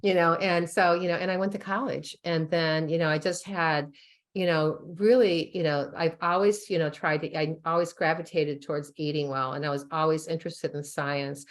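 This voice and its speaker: A woman physician telling stories in a casual interview, animated and full of "you know" fillers, often breaking into laughter. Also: low-pitched, moderate pace. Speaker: chiropractic sports physician and author, guest.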